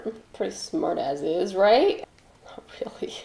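Baking at home, this comedic host rambles through an offbeat monologue, tossing in jokey asides and putting on mock voices when quoting others. She's a young woman with a lowish, expressive, warm voice, some vocal fry, and a measured pace. Faint noise and echo fill the kitchen.

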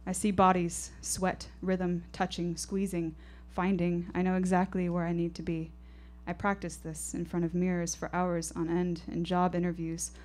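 A woman with a somewhat low voice telling a first-person story on a live stage. Her delivery is intense, poetic and rhythmic, landing each phrase deliberately. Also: darkish tone.

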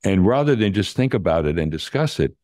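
An older man, a neuroscience professor, calmly explaining brain science in plain terms during a conversation. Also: sits low, a little fast, no echo, clean studio sound.

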